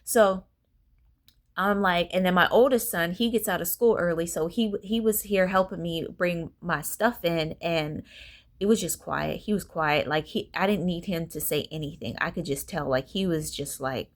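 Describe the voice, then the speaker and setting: A woman's voice: lowish voice, moderate pace. A woman telling a personal story to camera in a candid, rambling way, swearing freely and sounding tired. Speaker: vlogger.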